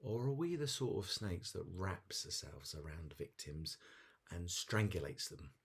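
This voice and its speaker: A man voicing an anxious young snake in a told joke, high and questioning. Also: expressive, unhurried, breathy edge, heavily acted. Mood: worried. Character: anxious little boy snake, young, worried.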